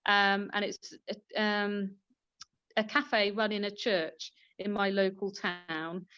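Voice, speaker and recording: A woman's voice: medium pitch, a bit bright, no room sound. A woman hosting an online panel chat, a midwife telling a story in a chatty way with many fillers. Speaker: host and midwife. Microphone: video call. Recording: dull, slightly lo-fi call audio.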